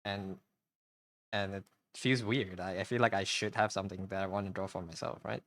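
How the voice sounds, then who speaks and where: A man streams live while drawing, talking casually in a hesitant ramble with many restarts and repeated words. His low voice is steady, brisk and a bit bright, with no room sound. He is a streamer and artist.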